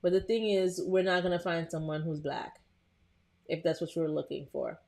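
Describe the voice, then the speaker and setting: A young woman walks viewers through a screen-share tutorial in a relaxed, conversational way. Her voice sits a little low, and she often restarts a phrase or pauses with an um. She speaks straight to the people watching live. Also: creaky. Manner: chatty, talks to live viewers, frequent "um" and restarts.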